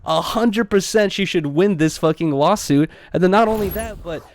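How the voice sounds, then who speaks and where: A man's voice: sits high, moderate pace, darkish tone. A young man hosting a podcast, talking loosely in slang with lots of swearing. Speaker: podcast host. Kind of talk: casual podcast chat.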